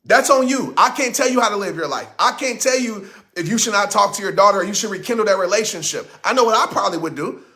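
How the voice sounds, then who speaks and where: Man, motivational speaker, bright forceful voice, passionate and blunt. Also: high voice, expressive, quick pace. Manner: blunt, impassioned, preaching. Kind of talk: motivational talk.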